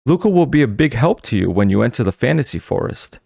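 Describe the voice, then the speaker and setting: A man's voice: medium pitch, very animated, quick pace, vocal fry, warm tone, no room sound, clean studio sound, voice pushed up. A man voicing a stern, mysterious woman of the forest who gives solemn commands in an audiobook. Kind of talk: audiobook character voice.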